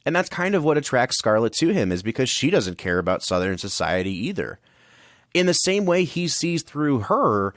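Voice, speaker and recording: A man's voice: on the low side, no room sound, studio quality. A man co-hosting a podcast, talking through a film in an enthusiastic, analytical way. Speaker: podcast co-host. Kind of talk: casual film discussion.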